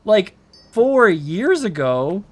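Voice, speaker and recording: Slow-talking playful young streamer guy. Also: high-pitched, sing-song. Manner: playful, rambling, reacts to chat, says meow. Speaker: VTuber game streamer. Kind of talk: casual live-stream chatter while gaming.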